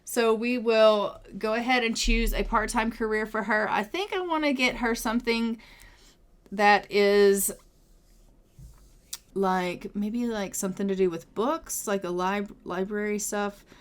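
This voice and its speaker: A young woman casually narrating a life-sim game, chatty and gushing, thinking out loud as she plays. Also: medium pitch, measured pace, clear, resonant tone. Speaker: gaming video creator. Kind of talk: casual let's-play commentary.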